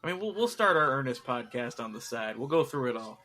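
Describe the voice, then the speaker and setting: A man's voice: mid-range voice, big pitch swings, quick pace, pushed and bright. A man guesting on a podcast, chatting casually and laughing often. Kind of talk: casual chat.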